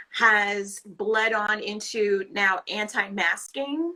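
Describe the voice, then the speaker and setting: A woman co-hosting a casual talk show, leading into topics in a relaxed, unhurried way. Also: a little high, poor audio. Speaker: podcast co-host. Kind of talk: casual chat.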